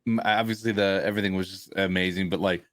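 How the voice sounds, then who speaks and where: A man co-hosting a sports podcast who talks in halting bursts, restarting and searching for his words. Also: low voice, fairly even intonation, no room sound, clean studio sound. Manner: halting, full of fillers and restarts. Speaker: podcast co-host. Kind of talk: casual chat.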